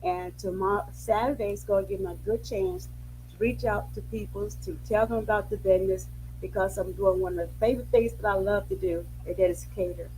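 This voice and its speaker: A soft-spoken woman giving a hesitant testimony on a call, pausing often with many ums. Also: medium pitch, slight background noise, low-quality recording.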